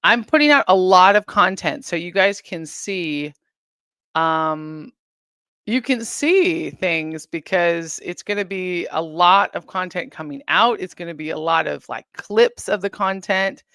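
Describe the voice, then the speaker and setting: A woman hosts a casual livestream from her home, chatting to her viewers and reading their comments aloud. Her voice sits a little low. The sound is dry, with no echo around it. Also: measured pace, a bit bright, smooth. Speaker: livestream host.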